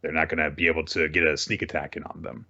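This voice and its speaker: A man's voice: rumbling low, flat delivery, fast, pushed and bright, muffled recording. A man co-hosting a podcast, recapping manga plot in casual chat, with frequent swearing and asides. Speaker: podcast co-host.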